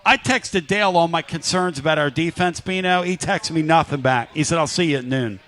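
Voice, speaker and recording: A man hosting a live sports talk radio show from a restaurant, talking loud and hyped as he works up the crowd. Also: on the high side, a little fast. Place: live remote broadcast at a riverside restaurant.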